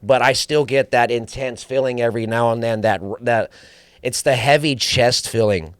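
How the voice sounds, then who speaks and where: A man's voice: medium pitch, normal speed, clean tone, no echo. A man guest on a podcast, telling stories in casual chat with profanity, acting out quoted voices. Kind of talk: casual storytelling.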